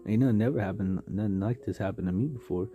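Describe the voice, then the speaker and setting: A man from San Diego talks through a scripture devotional in a loose, rambling way, full of fillers and street slang. His voice sits low and dark. Faint music plays underneath. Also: quick pace. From San Diego, California. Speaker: livestream preacher. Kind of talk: casual spoken devotional.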